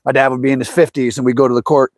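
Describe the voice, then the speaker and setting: A man's voice: mid-range voice, very fast, dry recording. A middle-aged man hosting a fishing livestream, telling rambling, anecdotal stories in a casual chat. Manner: rambling and anecdotal, lively voices for quotes.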